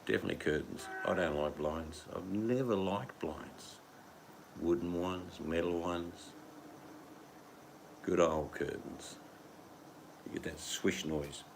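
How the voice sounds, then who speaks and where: Deep gravelly Australian man. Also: slow pace, pauses often, background noise. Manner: joking, teasing, slangy. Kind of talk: casual rambling monologue.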